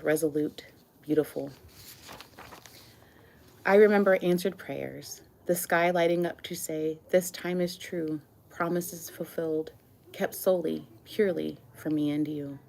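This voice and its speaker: Woman, poet, reading her own verse, soft and earnest, deep voice, vocal fry. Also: slight background noise. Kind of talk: slow, tender poetry reading.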